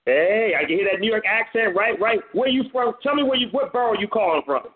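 A man hosting a call-in radio show as DJ, playful and animated, hyping up callers and listeners. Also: high voice, fairly quick. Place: home studio on a phone-in internet radio show. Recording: tinny phone-line audio.

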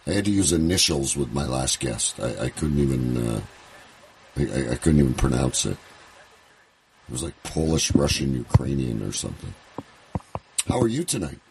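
A man hosts a live radio show with a very deep voice that leaps up and down in pitch. He talks in an excited, rambling way, often restarting his sentences. A faint ambient hiss sits behind him. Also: normal speed, creaky, long pauses. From Canada. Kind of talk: casual live radio chat.

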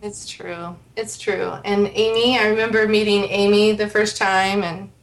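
An American woman in her thirties, a podcast guest, chats casually and tells stories in a mid-range voice. Her delivery is flat and unhurried, with a chatty, storytelling manner.

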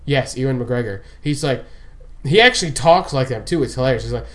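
A man's voice: medium pitch, animated, brisk, fairly bright tone. Rambling man on a podcast. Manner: rambling, laughs often, trails off mid-sentence. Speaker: podcast co-host. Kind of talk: casual chat. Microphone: remote call. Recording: remote call audio.

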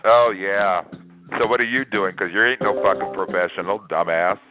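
A man's voice: low voice, moderate pace. A man on a phone chat line, hurling profane taunts and insults at the other callers. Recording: tinny phone line with music.

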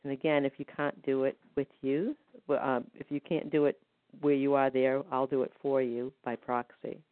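A woman leading a guided healing session, gently counting rhythms aloud. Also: a bass voice, flat delivery, moderate pace, no room sound. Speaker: energy healing practitioner. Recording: dry, tinny phone-like line.

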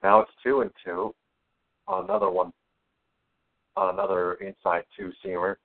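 A man giving casual, brisk pitch-by-pitch play-by-play of a baseball game as a podcast host. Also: very animated, creaky. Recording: tinny phone line.

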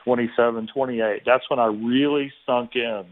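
A man telling a long personal story in an interview, relaxed and anecdotal, acting out the people in it. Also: mid-range voice, normal speed. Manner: relaxed anecdotal, many restarts and quoted dialogue. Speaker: guest. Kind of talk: conversational storytelling. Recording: tinny phone-like line.

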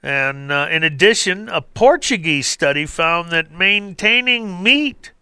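A middle-aged man hosting a health call-in radio show, talking in an animated, jokey way. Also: sits high, smooth, no room sound. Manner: animated, jokey, acts out voices. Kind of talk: health talk radio monologue.

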